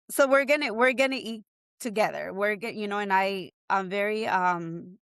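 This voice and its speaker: A woman talks through her work in a smooth, resonant voice. She tells her stories energy and voices the people she quotes. The sound is dry and close, no room echo. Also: medium pitch, unhurried. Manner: animated storytelling with laughs and acted-out quotes. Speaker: guest, family advocate. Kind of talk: casual interview conversation.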